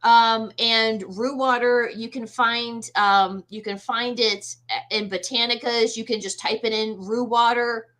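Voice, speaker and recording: Bright, lively woman telling a ghost story. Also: a little high, measured pace, hardly any pauses, poor audio. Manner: animated, acts out voices in quotes. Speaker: guest medium. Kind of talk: casual storytelling.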